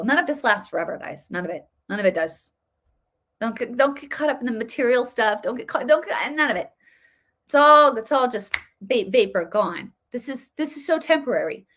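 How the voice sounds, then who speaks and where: A woman with a medium-pitched, fairly bright voice hosts a livestream about faith and politics. Her casual talk drifts into preaching; she speaks earnestly in a loose, preachy way and repeats phrases for emphasis.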